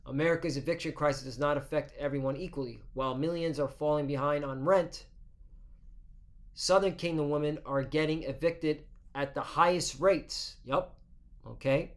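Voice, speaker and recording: A man's voice: on the high side, normal speed. A man reading scripture in a formal cadence, then preaching informally and checking in with listeners by saying "okay?" and "all right?". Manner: peppers talk with "okay?" and "all right?" tags. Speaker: religious teacher.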